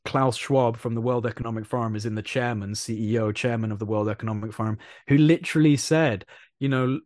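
A man in casual conversation, talking in an animated, rambling way and repeating phrases for emphasis. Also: medium pitch, a little fast, no echo, studio quality. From England.

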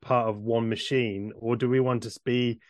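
A man's voice: medium pitch, level tone, moderate pace, dry recording, studio quality. A man hosting a casual conversation, speaking reflectively and hesitantly and laughing often.

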